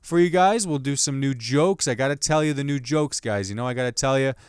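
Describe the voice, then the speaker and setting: Chatty, smooth-voiced male podcast host. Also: mid-range voice, a little fast, no room sound, clean studio sound. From Indiana. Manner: rambling, jokey, chatty. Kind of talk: casual solo commentary.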